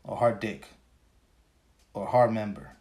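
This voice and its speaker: A man in his forties runs a solo podcast, ranting loosely with crude and profane talk while tired from a long workday. His voice is lowish and mellow, and he speaks slowly.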